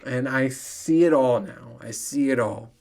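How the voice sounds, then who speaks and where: A man in his thirties talks alone on his podcast in a loose, storytelling way. He swears freely and often breaks into laughter. His voice sits at an ordinary middle pitch. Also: measured pace, darkish tone. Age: 30s. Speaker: podcast host. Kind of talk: casual solo monologue.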